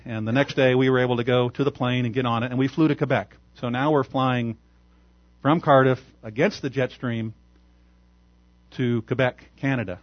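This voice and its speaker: A man pastor preaching a sermon, telling a story in an animated way and chuckling often. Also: medium pitch, no echo, lo-fi sound.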